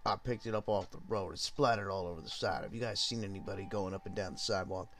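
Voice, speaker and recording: A man voicing a gruff, irritated police officer in a retold story, speaking lower and rougher than his own voice. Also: quick pace, fairly bright tone, soft background music.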